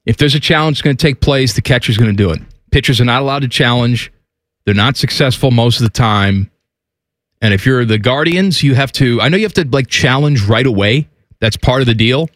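A man co-hosting a casual sports radio show, reading out stats and throwing in blunt, deadpan wisecracks. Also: medium pitch, a little fast, no room sound, clean studio sound.

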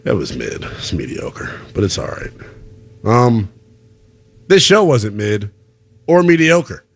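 A man's voice: mid-range voice, slow. A man hosting a sports radio show, joking around and signing off the night's program. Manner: playful, joking, lively delivery. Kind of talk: casual radio chat and show sign-off.

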